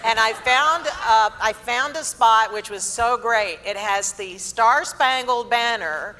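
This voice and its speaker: A woman's voice: on the high side, slow, rough recording. A woman on a live panel, telling joking anecdotes with playful asides. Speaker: panel guest, actress. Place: stage before a live audience. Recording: loud audience and background noise.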